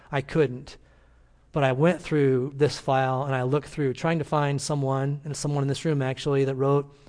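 Earnest pastor preaching with higher voice. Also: male voice. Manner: earnest storytelling, emphatic exhortation. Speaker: senior pastor. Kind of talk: sermon. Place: church before a congregation.

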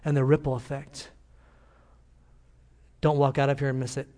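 A man's voice: medium pitch, flat delivery, moderate pace, dark tone. A man, a senior pastor, preaching a sermon to a congregation in a church, telling stories earnestly and urging his listeners. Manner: earnest storytelling, emphatic exhortation.

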